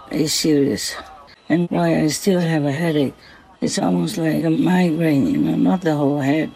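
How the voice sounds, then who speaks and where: A woman talking gently and affectionately at night outdoors near a forest, full of blessings. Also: sits low, creaky, poor audio. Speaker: vlogger. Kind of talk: soft spoken night-time monologue.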